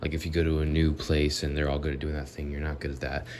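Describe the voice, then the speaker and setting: A man's voice: very deep voice, monotone, quick pace, a little mellow, a little hiss or hum. A young man with a nasal voice who has a cold, rambling through an unscripted vlog monologue, correcting himself as he goes and talking straight to his viewers. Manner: rambling, self-correcting, talks to viewers directly. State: sick with a cold. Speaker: vlogger.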